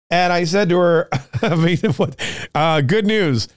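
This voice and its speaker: A man's voice: fairly high pitch, normal speed, no room sound, studio quality. A man hosting a podcast, talking casually and rambling with many restarts as he plugs merchandise and discusses politics. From United States. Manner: rambling, conversational, frequent restarts. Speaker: podcast host.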